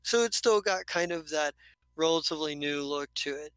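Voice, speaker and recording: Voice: mid-range voice, moderate pace, a bit bright, smooth, no room sound. A game master narrating a tabletop game in a loose, rambling way full of fillers.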